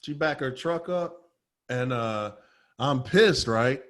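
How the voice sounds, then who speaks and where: A man co-hosting a podcast, spinning a casual story in a mid-pitched voice. He talks loose and profane, peppering the tale with slangy asides and punchy emphasis. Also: slow pace. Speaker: podcast co-host.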